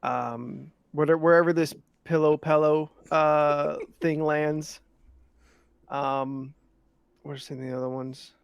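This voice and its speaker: A man's voice: fairly high pitch, steady tone, slow pace, gravelly, smooth, dry recording, studio quality. A man co-hosting a podcast, rambling in casual chat with lots of ums and restarts. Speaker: podcast co-host.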